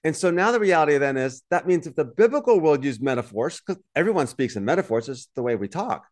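A man co-hosting a casual podcast chat, telling stories and acting out quotes in an animated way. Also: on the high side, fast talker. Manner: animated storyteller, acts out quotes. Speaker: podcast co-host.

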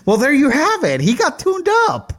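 A man's voice: very high-pitched, huge pitch swings, moderate pace, a bit bright. A man co-hosting a casual podcast, joking around and laughing often. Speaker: podcast co-host. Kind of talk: casual chat.

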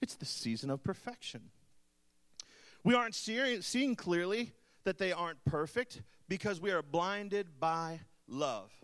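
A man's voice: high-pitched, expressive, unhurried, fairly bright tone. A man preaching a sermon to a live congregation, teasing the audience with jokes between his points. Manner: playful, joking asides to the audience. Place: church hall with an audience.

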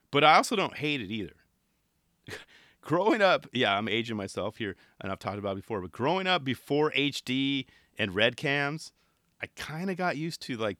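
Middle-aged male podcast host, casual rambling delivery, forceful bright tone, dry close sound. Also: mid-range voice, dry recording. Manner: rambling, relaxed, self-interrupting. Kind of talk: casual solo podcast talk.

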